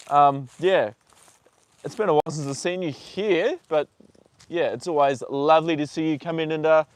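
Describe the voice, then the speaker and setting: An Australian man streams live from a horse paddock, casually chatting with viewers, reading their comments, and talking fondly to his horses while swearing here and there. His voice is on the high side, clear and resonant, with no room sound.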